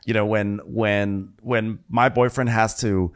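Low-voiced earnest male podcast co-host. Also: steady tone. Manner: earnest, halting, many fillers when serious. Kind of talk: comedic recap chat.

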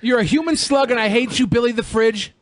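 A man's voice: very high-pitched, no room sound, studio quality. A man co-hosting a comedy podcast, trading crude, mocking jokes and laughing often. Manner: profane, mocking, quick to laugh. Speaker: podcast co-host.

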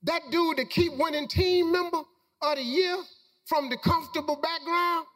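Middle-aged male speaker, very high pitch, folksy preacher-style storytelling to an audience. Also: moderate pace, a bit bright, big-room sound. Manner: folksy, preacher-like storytelling with Southern Black vernacular. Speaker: motivational speaker. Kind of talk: storytelling talk to a live audience.

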